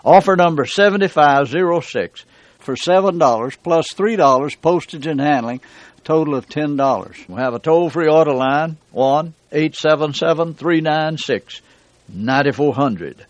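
A man's voice: fairly high pitch, moderate pace. Older male radio Bible teacher, plain-spoken folksy delivery with emphatic scripture readings. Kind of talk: broadcast sermon.

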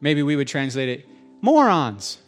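A man delivers a sermon in a church hall, talking to the congregation like a friend and joking with them as he goes. His voice sits a bit high for a man. Soft instrumental music plays faintly underneath. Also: moderate pace. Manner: conversational, animated, joking with the congregation. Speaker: pastor.

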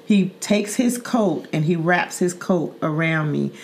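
A middle-aged podcast host from Saint Louis, Missouri, shares a personal story in a casual chat. Her low voice moves at a measured pace, and she speaks earnestly and vividly, often repeating words and filling gaps with "um" and "like."

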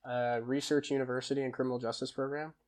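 A man's voice: medium pitch, quick pace. A young man talks casually as a podcast guest, telling stories in an easygoing way. His voice sits in the middle of the male range. He drifts through fillers and self-corrections as he talks. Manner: lively storyteller who laughs and acts out quoted lines. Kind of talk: conversational storytelling.

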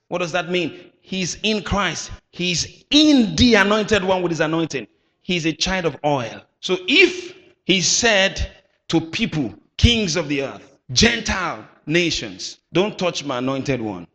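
A man preaching a sermon with emphatic bursts, shouting at times and calling on the congregation to answer back. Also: a little high. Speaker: pastor. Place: church hall. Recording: echoey hall.

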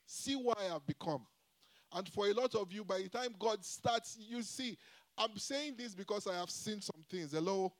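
Preaching with a voice that sits high at normal speed, a man delivers an emphatic sermon built on call-and-response. He repeatedly asks the congregation "Hello?", with his volume and pace rising and falling.

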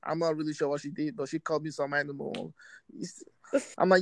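A man hosting a podcast, telling a story casually in streetwise slang, animated, raising his voice for quoted friends. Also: on the high side, a little fast, gravelly, no room sound, rough recording. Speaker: podcast host.

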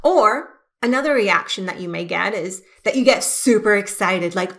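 A woman hosting a podcast, giving an energetic, emphatic motivational talk and stretching key words for effect. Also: mid-range voice, moderate pace, hardly any pauses. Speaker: podcast host.

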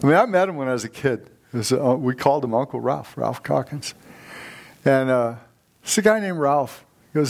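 A middle-aged man with a medium-pitched, animated voice preaches at normal speed as a guest in a church sanctuary. Full of fire, he tells stories energetically and keeps asking the congregation for an amen.

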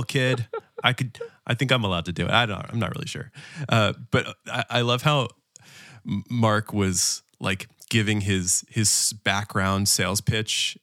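A man's voice: lowish voice, bright, forceful tone, no echo, clean studio sound. A man co-hosting a podcast as a dietitian, joking and exasperated in casual chat. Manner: joking, exasperated, talks fast in bursts.

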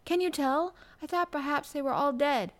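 Woman narrator playing an eager little girl, breathless and whispery, high and loud, storybook. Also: normal speed, close to an everyday voice. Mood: eager whisper.

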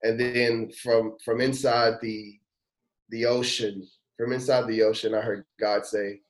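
A man's voice: medium pitch, flat delivery, unhurried. A man, a pastor and podcast guest, tells a personal testimony in an earnest, heartfelt and casual way. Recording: roomy echo.

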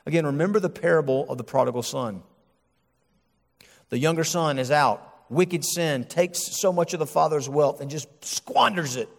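A male pastor preaching a sermon, animated and acting out the voices he quotes. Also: a little high, normal speed, in a large hall.

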